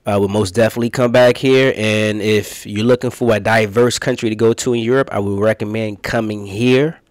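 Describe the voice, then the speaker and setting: American guy vlogging his trip, low voice, rambly and chatty, dry sound. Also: fairly even intonation, a little fast, no room sound. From United States. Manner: chatty, rambling, many fillers. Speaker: travel vlogger. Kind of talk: casual travel vlog.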